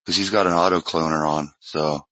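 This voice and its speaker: A man's voice: very deep voice, steady tone, fairly quick, fairly bright tone, dry recording, poor audio. A man in casual online group chat, joking and slangy.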